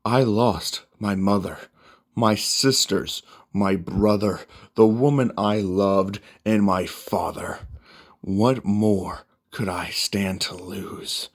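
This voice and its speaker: A man's voice: on the low side, slow. Deku, a man reading as an enraged young demigod. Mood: bitter. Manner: bitter, vengeful. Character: furious grieving young male demigod hero.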